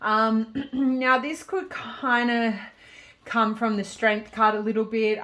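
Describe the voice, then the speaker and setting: A woman's voice: mid-range voice, fairly bright tone. Chatty woman giving a tarot reading. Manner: chatty and rambling, with many fillers and restarts. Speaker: tarot reader. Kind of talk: casual pick-a-card tarot reading.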